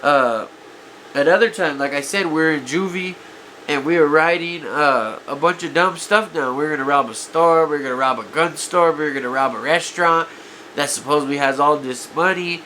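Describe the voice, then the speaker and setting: A vlogger whose allergies have thrown his voice off a little recounts his past in a relaxed, confessional, self-critical and regretful manner. He keeps saying "guys" and "you know," speaking at a moderate pace in a slightly high, bright, forceful voice, with slight background noise.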